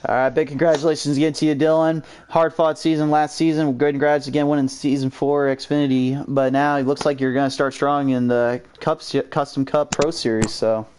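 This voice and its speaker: Excitable man commentating a race. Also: a little high, a little fast, hardly any pauses, clean tone. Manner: excitable, laughs often, exclaims. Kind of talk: excited sim racing league commentary.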